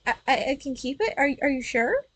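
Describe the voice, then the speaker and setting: A shy little girl speaks timidly and stumbles over her words, as a young woman puts her on. The voice is high and the sound is dry and close. It is a storytelling sketch. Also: sing-song, fairly quick, dry recording. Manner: timid, stammering.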